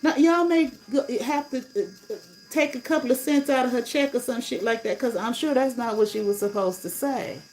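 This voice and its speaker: A woman's voice: a little high, moderate pace, darkish tone, a little hiss or hum, poor audio. A woman on a casual livestream, telling a story bluntly and indignantly and swearing freely. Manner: blunt, profane, indignant retelling. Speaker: livestreamer and rideshare driver.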